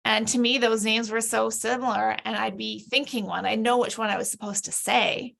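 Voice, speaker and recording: A woman's voice: fairly high pitch, fairly even intonation, normal speed, creaky, a bit bright. A woman speaking in an interview as a literacy educator, explaining things thoughtfully. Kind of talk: interview conversation.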